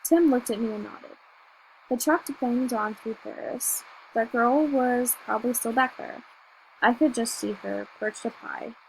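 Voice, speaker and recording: A woman reads a novel aloud in first person, keeping a steady, measured storytelling pace. Her voice is fairly high with a noticeable gravelly fry. There is a faint hiss in the background. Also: poor audio. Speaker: audiobook reader.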